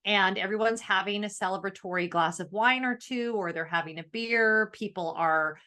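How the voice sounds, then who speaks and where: A woman co-hosting a podcast in casual chat, animated and thoughtful as she explains. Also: medium pitch, normal speed. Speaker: podcast co-host.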